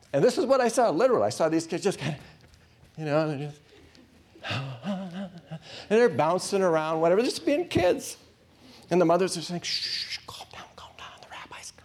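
A man preaching, telling a personal story, swinging between loud bursts and hushed asides. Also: high voice, big pitch swings, normal speed, breathy edge. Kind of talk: sermon storytelling.

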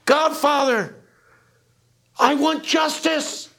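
A man voicing a desperate immigrant father pleading with a mob boss for justice, his voice rising to a shout. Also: extremely high pitch, steady tone, very slow, creaky, pitched above the performer's own voice, exaggerated voice.

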